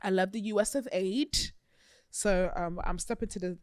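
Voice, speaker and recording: A woman hosting a podcast, talking in a chatty, animated way, laughing often and swearing freely. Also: medium pitch, normal speed, dry recording, clean studio sound. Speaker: podcast host. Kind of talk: casual chat.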